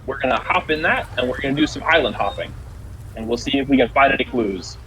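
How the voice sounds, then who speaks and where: A man's voice: medium pitch, animated, quick pace, a little hiss or hum, low-quality recording. A man voicing a portly little male satyr portmaster who barks orders. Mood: brusque. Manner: loud, barking.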